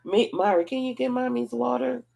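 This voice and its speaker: A woman's voice: a little high, brisk, gravelly, mellow, breathy edge. A woman talking casually to her viewers at home, rambling and conversational, addressing them directly as she talks. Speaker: online talk host. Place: at home, having her hair done.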